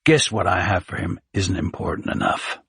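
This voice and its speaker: Man putting on gruff american courier, curt and menacing, deep husky. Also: moderate pace, fairly bright tone, no room sound, studio quality, exaggerated voice. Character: tough, surly male American courier.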